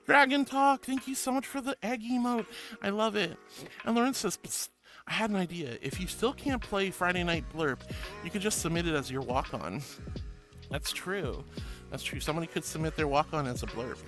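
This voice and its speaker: Gushing high-voiced man, music behind. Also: moderate pace. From Florida. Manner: gushing and affectionate, calls viewers sweetie. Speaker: streamer. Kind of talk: casual chat reading out viewer messages.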